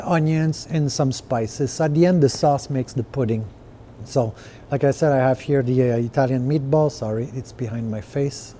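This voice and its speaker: With a medium-pitched, dark voice, a restaurant-owning podcaster goes through his menu on a screen share in a casual explanatory way, using many fillers and asking "right?" rhetorically. A little hiss or hum is audible.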